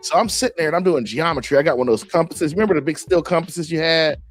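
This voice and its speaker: A middle-aged man hosting a podcast, telling stories in casual chat and acting out the quotes with shouts. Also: on the high side, fast talker, soft background music. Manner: animated, acts out quotes with shouts. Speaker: podcast host.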